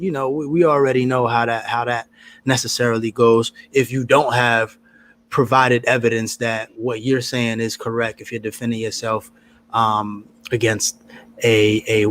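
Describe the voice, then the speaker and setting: A man's voice: medium pitch, level tone, normal speed, a little hiss or hum. A man co-hosting a casual news podcast, talking in a rambling way and repeating words as he goes. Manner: rambling, repeats words, gives shout-outs. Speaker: podcast co-host. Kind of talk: casual chat.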